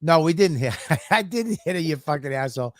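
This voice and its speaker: A man's voice: a little high, animated, fairly quick, no echo, studio quality. A man telling a profane, exasperated story on a podcast and acting out both sides of the talk. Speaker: podcast co-host. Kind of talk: animated storytelling.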